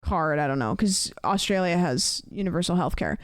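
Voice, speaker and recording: A woman's voice: fairly low pitch, brisk, no room sound, clean studio sound. An American woman streamer chatting casually, telling a long story with lots of fillers and restarts. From United States. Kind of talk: casual livestream chat.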